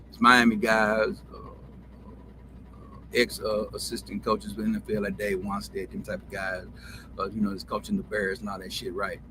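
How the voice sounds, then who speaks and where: A man's voice: fairly low pitch, noisy background. A man hosting a sports talk show, telling a story in a profane, repetitive, heated rant. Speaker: host. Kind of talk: ranting sports commentary.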